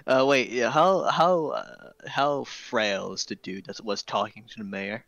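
A man's voice: mid-range voice, lively intonation, a little slow, vocal fry, hardly any pauses, fairly bright tone, no echo, dull audio, soft background music. A man playing a tabletop game, speaking casually and laughing often. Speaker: player.

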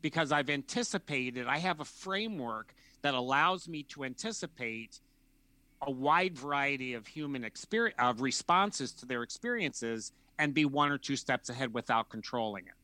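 A man who works as a counselor, explaining his approach in a measured, thoughtful way and acting out imagined dialogues. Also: medium pitch, lively intonation, sharp tone, no room sound. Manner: acts out imagined dialogues in different voices. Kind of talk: explanatory conversation.

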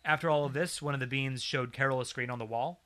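A man's voice: medium pitch, fairly even intonation, fast talker, sharp tone. A man co-hosting a podcast, casually recounting a strange story with dry humor. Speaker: podcast co-host.

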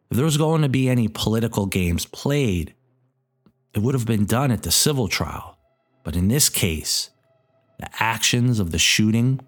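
Low-voiced man narrating a podcast. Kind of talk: scripted narration.

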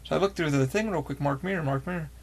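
A man hosting a podcast, telling a rambling, excitable story with lots of swearing and fillers. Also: fairly high pitch, fast talker, creaky. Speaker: podcast host. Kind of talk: casual storytelling.

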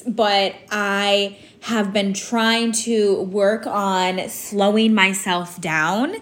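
A woman hosting a solo podcast, talking through her feelings in a candid, casual way, with lots of "like" and "you know". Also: mid-range voice. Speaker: podcast host. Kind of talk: reflective solo podcast monologue.

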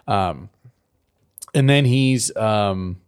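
A man's voice: lowish voice, drawn-out words, clear, resonant tone. A man in a casual chat, recapping a cartoon episode in a loose, profane way with lots of fillers.

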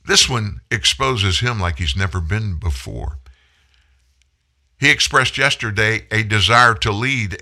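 A man in his sixties hosts a political talk show with a bright, forceful, medium-pitched voice. His commentary is emphatic: he punches single words and slows down, stretching key ones out for effect.

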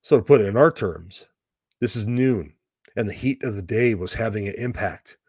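A man with a low voice teaches through a scripture passage, laying out the background step by step in a relaxed, conversational way. His delivery is recorded close and dry, with no room sound around it. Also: normal speed, husky, dry recording. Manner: conversational, explaining step by step with casual asides. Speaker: Bible teacher. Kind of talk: explanatory Bible lesson.

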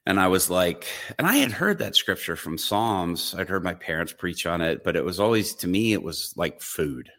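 A man's voice: low voice, big pitch swings, moderate pace, few pauses, fairly bright tone. A man, a guest evangelist, telling a story in a podcast interview, acting out his own reactions as he goes.

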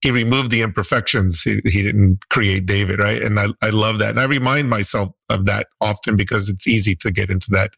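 A man with a low, gravelly voice and a husky edge talks as an interview host. He sounds conversational and unhurried and sometimes stumbles into a thought with a repeated word. The recording is close and dry, with no room sound. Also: steady tone, fairly bright tone, no room sound. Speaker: podcast host. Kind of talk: casual interview talk.

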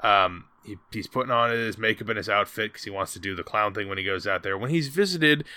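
A man co-hosting a podcast, casually retelling a film scene in a rambling, profane, animated way. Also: lowish voice, fairly quick, clean tone, no room sound. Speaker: podcast co-host.

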